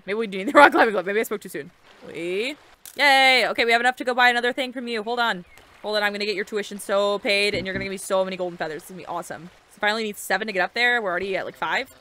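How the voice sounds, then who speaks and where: A young woman with a mid-range voice gives excitable, chatty let's-play commentary while she plays a game. She's a gaming video creator and swears casually as she talks.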